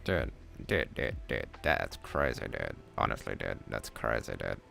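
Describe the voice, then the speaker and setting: A stunned dude drawls in disbelief, his voice dropped to a rumbling bass, as a man puts him on. The voice is heavily gravelly and full of fry, with faint music playing underneath. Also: big pitch swings, measured pace, bright, forceful tone, full character voice.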